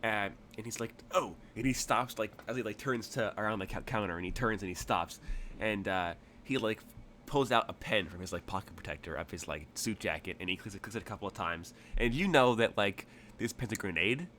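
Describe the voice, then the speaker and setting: Man, game master, low voice, rambling narration full of fillers, tabletop game. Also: fairly quick, bright, forceful tone, slight background noise. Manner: rambling, filler-heavy description.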